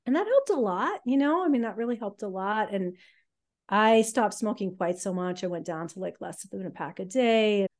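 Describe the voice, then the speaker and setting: A woman telling her own life story on a podcast, candid and halting, with many fillers. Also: mid-range voice, lively intonation, darkish tone.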